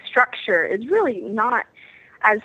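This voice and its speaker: A woman's voice: fairly high pitch, big pitch swings, slow, pushed and bright, breathy edge, no room sound, dull audio. A woman in casual podcast chat, telling a story in a rambling way full of fillers. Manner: rambling, filler-heavy, laughs often.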